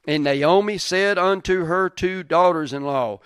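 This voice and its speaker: A man's voice: medium pitch, moderate pace, dry recording. Emphatic male preacher, dry sound. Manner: emphatic, repeats key lines, reads old-style verses. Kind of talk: sermon with scripture reading.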